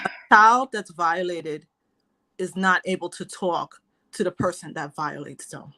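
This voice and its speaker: A woman's voice: on the low side, measured pace, pushed and bright. A woman speaking as a panel guest, insistent and emphatic, repeating her points. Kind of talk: live online panel discussion.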